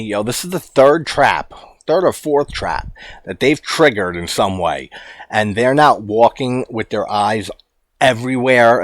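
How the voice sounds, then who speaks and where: A man giving a casual, animated movie commentary, incredulous and quick to swear and laugh. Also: lowish voice, no room sound. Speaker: horror movie reviewer.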